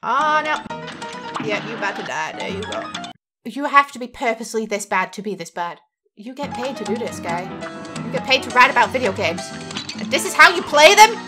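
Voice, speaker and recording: A woman with a high voice talks over game footage in loose, sarcastic commentary. She sounds exasperated and swears freely. Music plays clearly behind her. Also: sing-song, moderate pace. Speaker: gaming YouTuber reacting to a video. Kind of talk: casual reaction commentary.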